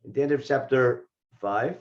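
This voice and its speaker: A man teaching a Torah class, reading Hebrew verses and explaining them in English, and getting lively when he voices the figures in the text. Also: medium pitch, moderate pace, dull audio. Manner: animated when voicing the speakers in the text. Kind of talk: text study lesson.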